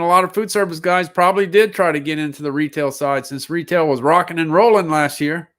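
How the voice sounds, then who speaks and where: A man's voice: fairly high pitch, a bit bright. A man hosting a casual solo livestream, musing aloud as he reads down a list of product listings. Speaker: livestream seller host.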